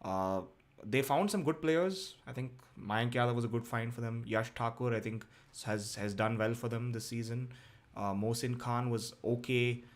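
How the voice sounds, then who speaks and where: A man's voice: mid-range voice, moderate pace. Hesitant man in casual cricket chat. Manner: hesitant, many fillers and restarts. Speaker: cricket podcast co-host.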